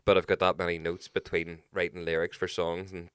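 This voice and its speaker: A young man, a podcast co-host, telling a sweary, animated story in casual chat. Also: sits low, brisk, clean tone, no room sound, studio quality.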